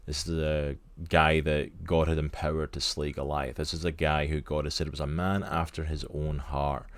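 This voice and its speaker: Scottish male co-host, very low voice, earnest and rambling, dry close sound. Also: little pitch movement, moderate pace, dry recording. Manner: earnest, rambling with many fillers. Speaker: podcast co-host. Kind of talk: casual interview chat.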